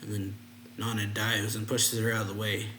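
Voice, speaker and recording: A man's voice: lowish voice, level tone, normal speed, sharp tone, echoey room, a little hiss or hum. A man hosting a reaction channel, loosely narrating a manga chapter in casual chat, linking lines with easy fillers. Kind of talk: casual manga read-along.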